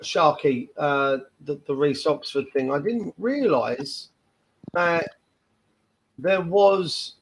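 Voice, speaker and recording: A man hosting a casual football fan podcast, often pausing and restarting his sentences. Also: a little high, low-quality recording. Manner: hesitant, restarts with repeated words. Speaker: podcast host. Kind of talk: casual chat.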